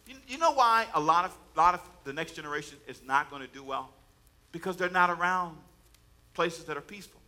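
A middle-aged man preaching a sermon, shifting from quiet asides to loud emphatic bursts and calling on the congregation to repeat after him. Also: fairly high pitch, lively intonation, brisk. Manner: preaching with call-and-response prompts to the congregation. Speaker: pastor.

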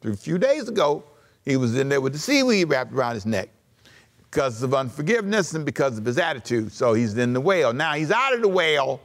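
A man preaching a sermon as pastor, animated and conversational, with joking asides. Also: on the high side.

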